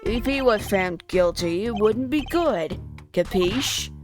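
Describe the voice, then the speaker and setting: A woman doing a gruff old mob boss, New York accent. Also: medium pitch, lively intonation, takes it slowly. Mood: menacing. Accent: put-on New York. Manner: threatening, says capiche. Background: game music.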